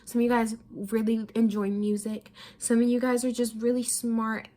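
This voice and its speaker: A young woman does a pick-a-card tarot reading, emotional and casual, often repeating herself and swearing freely. Her voice is fairly high-pitched yet dark in tone, with a flat delivery at normal speed.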